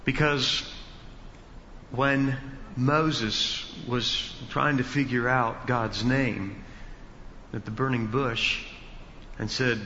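A male pastor teaching an expository sermon, emphatic and building to loud peaks. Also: mid-range voice, fairly even intonation, very slow, slight background noise. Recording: dull reverberant hall sound.

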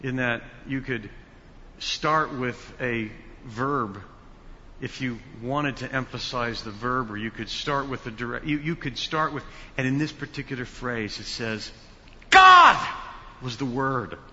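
A man preaches a sermon at a slow, deliberate pace, his tone bright and forceful. He presses hard on key words and swells louder at the peaks. The recording is slightly dull, with a long reverb ringing through a large hall. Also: medium pitch, a little hiss or hum. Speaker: pastor.

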